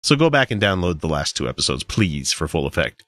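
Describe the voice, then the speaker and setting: A man's voice: a bass voice, very animated, brisk, a bit bright, dry recording. A man hosting a podcast, chatting casually and sarcastically, swearing freely as he reads out a text he mocks. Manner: profane, sarcastic, reads a text aloud mockingly. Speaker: podcast host.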